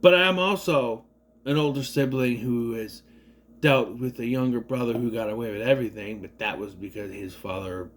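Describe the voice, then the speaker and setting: A man casually retelling and reviewing a movie in a rambling, animated way with lots of fillers. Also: mid-range voice, moderate pace, slight background noise. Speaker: video reviewer.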